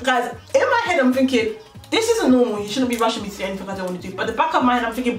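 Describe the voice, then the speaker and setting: Lively young woman telling a story. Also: fairly high pitch, fast. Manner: animated, slangy, acts out both sides of a story. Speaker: vlogger. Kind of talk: casual storytime. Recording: echoey room, mic at a distance, faint music.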